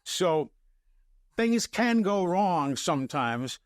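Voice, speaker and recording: An older man who works as a sports broadcaster tells stories casually and with animation, often chuckling. His voice sits somewhat high for a man. The recording is dry and close. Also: takes it slowly, no echo. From New York area. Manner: animated anecdotes, chuckling, quoting himself. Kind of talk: casual storytelling on a podcast.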